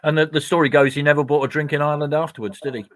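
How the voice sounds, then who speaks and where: A man's voice: on the high side, steady tone, rapid-fire, a bit bright, a little hiss or hum. A male presenter interviewing a guest, chatty and prompting with tag questions. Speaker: radio presenter. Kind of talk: radio interview.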